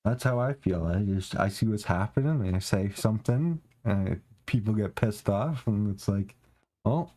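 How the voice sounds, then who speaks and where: A man's voice: lowish voice, animated, normal speed, dark tone. A young man from Canada, a streamer ranting in casual, profane chat while he plays, laughing often.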